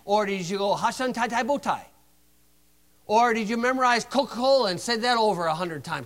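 Male preacher, high and bright, sarcastic anecdotal sermon delivery. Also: brisk. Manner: sarcastic, animated storytelling.

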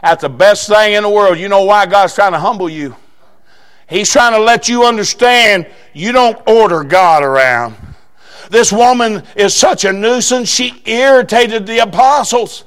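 A pastor from southeastern Indiana delivers a sermon in a high male voice at a moderate pace. His folksy storytelling is broken by bursts of shouting.

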